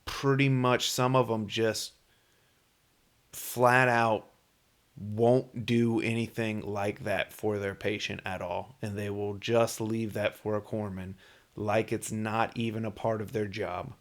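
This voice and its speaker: A man's voice: on the low side, little pitch movement, slow. A young man hosting his own podcast, ranting bluntly and casually about his work as a Navy corpsman, with plenty of swearing. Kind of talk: casual profane monologue.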